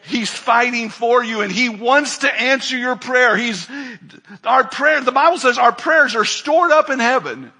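An older man delivers a sermon as pastor. His voice sits high and bright, with a husky edge. He drives some phrases out forcefully and lets others fall to near-hushed asides. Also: animated, a little slow. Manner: emphatic preaching, swings from loud calls to quiet asides.

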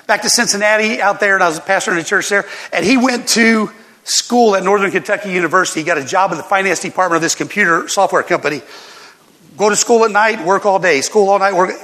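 An older male pastor preaching with a high, bright voice. His sermon mixes lively family stories with scripture, and the long reverb of a church hall surrounds him. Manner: animated storytelling with laughs and scripture reading.

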